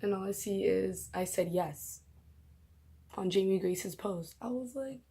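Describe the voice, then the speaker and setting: A woman's voice: medium pitch, moderate pace, gravelly, warm tone, slightly rough. A young woman vlogging casually about her faith, emotional and gushing, often dropping into whispers.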